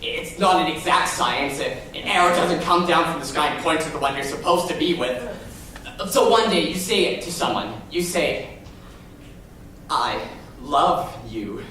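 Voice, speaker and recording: A fussy, lonely musical-theatre fan, chatting in confiding asides with a mid-pitched voice. The sound is a distant stage recording, awash in the long echo of a big theatre. A faint hiss sits under it. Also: animated, measured pace, fairly bright tone. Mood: chatty. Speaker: stage narrator. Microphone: far room mic.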